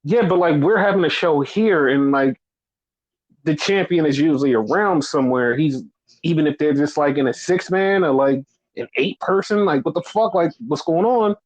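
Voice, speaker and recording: A man's voice: on the high side, moderate pace, rough recording. A man co-hosting a wrestling podcast, ranting with heavy swearing and exasperation, mocking fans in quoted voices. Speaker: podcast co-host.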